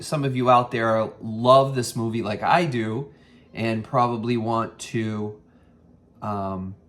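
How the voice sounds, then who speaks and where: A man's voice: lowish voice, fairly bright tone. A man hosting a casual thrift haul vlog, rambling with many ums and self-corrections. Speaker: vintage reseller and vlog host.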